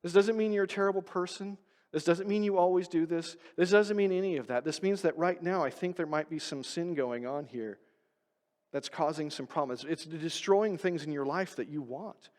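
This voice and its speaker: A male pastor giving an emphatic sermon, pushing his stresses loud and then dropping to quiet, low asides. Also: normal speed, big-room sound. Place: church sanctuary.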